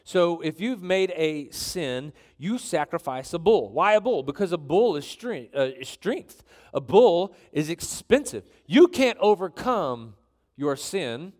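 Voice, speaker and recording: A man preaching a sermon in an animated, joking way, reading scripture aloud between his asides. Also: fairly high pitch, a little slow. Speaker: pastor.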